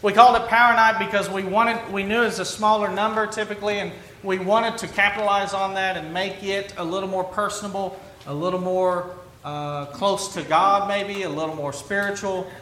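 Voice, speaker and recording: A pastor with a high, bright voice speaks to his congregation in a relaxed, halting way, circling back and restarting his phrases. The big church room rings around him, with faint ambience underneath. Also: roomy sound, a little hiss or hum. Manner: conversational, halting with restarts and fillers. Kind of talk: sermon. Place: church sanctuary.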